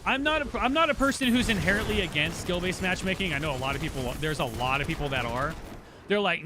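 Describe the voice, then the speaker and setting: A man's voice: fairly high pitch, lively intonation, fast talker, sharp tone, a little hiss or hum. A man chatting casually on a gaming livestream, opinionated and rambling with frequent restarts, his voice tiring from a long day of talking. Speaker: streamer.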